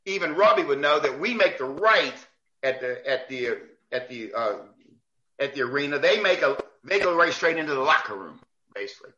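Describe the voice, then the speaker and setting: Man, referee telling a story, lively, bright tone, lo-fi sound. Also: a little high, normal speed. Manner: animated, acts out quoted coaches. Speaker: basketball referee guest. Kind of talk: casual storytelling.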